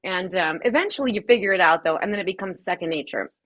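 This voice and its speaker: A woman from Los Angeles talks quickly and casually as a guest on a podcast. She laughs often and swears freely as she chats about her work as a DJ and streamer. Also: lowish voice, expressive, fairly bright tone.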